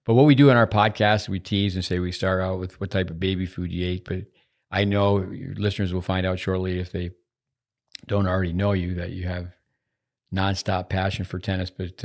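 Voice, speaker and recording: A man's voice: deep voice, fairly even intonation, a little fast. An older man hosting a podcast, chatting in a teasing, rambling way with lots of restarts. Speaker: podcast host. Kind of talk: casual podcast chat. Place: at a table in a studio.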